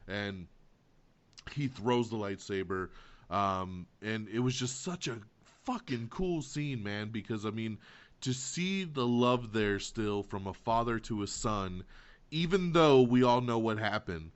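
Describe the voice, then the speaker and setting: A man hosting a casual movie review podcast, retelling scenes with animated, profane excitement. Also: on the low side, unhurried. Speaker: podcast host. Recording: dull lo-fi podcast audio.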